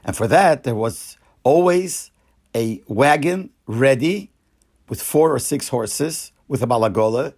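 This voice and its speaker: An older man, a rabbi, retelling a Hasidic story in an unhurried way, often searching for words and restarting phrases. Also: mid-range voice, expressive, darkish tone. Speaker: rabbi sharing memories.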